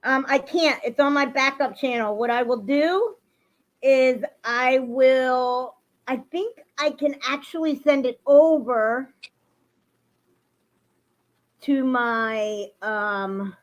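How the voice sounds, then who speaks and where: A woman's voice: high voice, takes it slowly. A woman hosting a casual livestream, talking emotionally to her viewers and swinging into heated rants. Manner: emotional, swings into angry ranting. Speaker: livestream host. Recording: lo-fi livestream audio.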